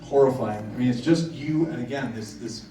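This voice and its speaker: A man's voice: mid-range voice, normal speed, dark tone, faint music behind. A man presenting at a conference, telling spooky stories to a packed room in a casual, joking way with frequent restarts. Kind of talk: storytelling talk to a live audience. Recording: echoey room, heard from far off.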